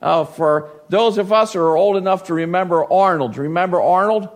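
A man's voice: high voice, normal speed. A man preaching a sermon as pastor, reading scripture and acting out quoted voices with big swings.

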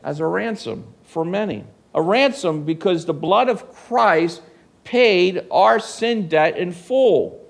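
A man's voice: sits high, slow pace, vocal fry. A man preaching a sermon in an earnest way, often asking his listeners rhetorical questions.

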